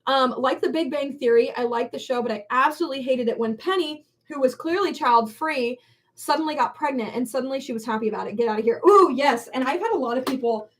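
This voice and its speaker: Young woman host, high voice set back from the mic, chatty get-ready-with-me livestream, heavy "like" fillers. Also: fast, far from the mic. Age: young adult. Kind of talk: casual get-ready-with-me chat. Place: at home doing her makeup.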